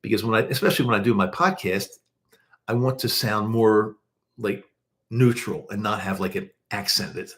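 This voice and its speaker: A man's voice: fairly low pitch, normal speed, fairly bright tone. A man with a Baltimore accent hosting a casual livestream, talking in a rambling, chatty way with many restarts and fillers. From Baltimore, USA. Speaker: podcast host.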